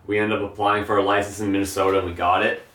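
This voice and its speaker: A young man with a very deep voice talks in a relaxed, rambling way, dotting his speech with fillers. He is a guest describing his work as a grower. He sounds set back from the mic in an echoey room. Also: rapid-fire, distant mic. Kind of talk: casual interview chat.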